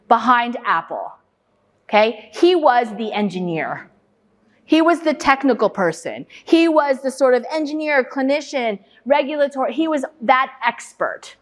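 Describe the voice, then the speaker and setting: A woman with a fairly high voice gives a lively lecture, firing questions at the audience and echoing their answers back. She spins anecdotes and keeps checking in with them as she goes. Her voice carries a long reverb from a large hall. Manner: lively anecdotal storyteller with frequent "right?" and "okay?". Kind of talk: interactive lecture with storytelling.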